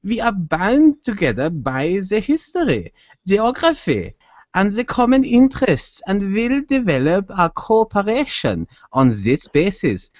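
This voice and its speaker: A man's voice: high voice, wildly swooping pitch, unhurried, no room sound, pitched above the performer's own voice, heavily acted. A man putting on a German accent to voice a stiff male official reading a formal statement in a mock-solemn way. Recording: dull dry sound.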